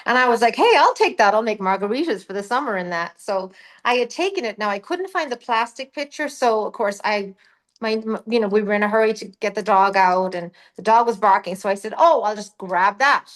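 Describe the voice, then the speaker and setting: A middle-aged Irish woman, a guest on a talk show, telling a personal story in a lively, animated way. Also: medium pitch, a little fast. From Ireland. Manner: animated, vivid storyteller, acts out her own past words. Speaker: guest, psychic medium. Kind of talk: casual storytelling.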